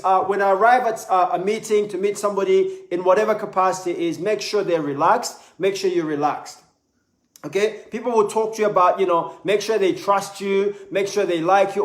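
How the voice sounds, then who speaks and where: A man giving a live online sales lesson in an animated way, repeating words as he talks. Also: high-pitched. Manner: animated, acts out little voices, repeats words. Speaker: sales trainer. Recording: echoey room.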